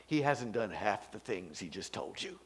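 A man voicing a laconic, unimpressed old farmer in a low, dry drawl. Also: sing-song, normal speed, a crowd in the background.

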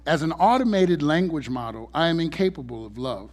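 A man voicing a cold, monotone AI chatbot that answers in a flat, detached way. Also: fairly high pitch, fairly quick. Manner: flat, robotic, unfeeling.

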